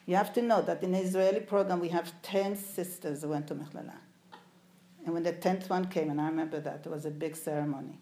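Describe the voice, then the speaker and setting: A woman's voice: lowish voice, steady tone, quick pace, warm tone. Woman telling stories in an echoey room. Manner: storytelling, puts questions to the audience. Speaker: speaker recalling her father before an audience. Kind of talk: anecdotal talk to a live audience.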